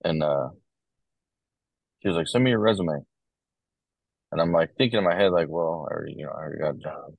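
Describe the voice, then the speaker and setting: A man's voice: rumbling low, fast, gravelly, long pauses, dry recording, poor audio. A young man, a corrections officer, telling stories in casual conversation, loose and full of fillers. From Ohio, US. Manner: relaxed storytelling, many fillers. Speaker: podcast guest, corrections officer.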